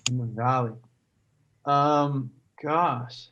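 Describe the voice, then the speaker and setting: A man's voice: medium pitch, steady tone, drawn-out words, a bit bright, dull audio. A man chatting casually on a video call, rambling with many ums and likes. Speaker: musician guest on fan call. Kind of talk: casual chat.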